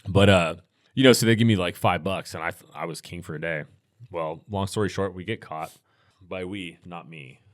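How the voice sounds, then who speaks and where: Deep-voiced man telling a story. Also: moderate pace, no echo, studio quality. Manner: laid-back, rambling with restarts and fillers. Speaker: podcast guest, firearms instructor. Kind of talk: casual storytelling.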